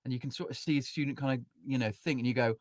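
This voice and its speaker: A man's voice: medium pitch, fairly even intonation, rapid-fire, no echo, clean studio sound. A man, a musician and music teacher, chatting casually as an interview guest, rambling with many fillers and acting out what people said. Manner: rambling, full of "you know", acts out quotes.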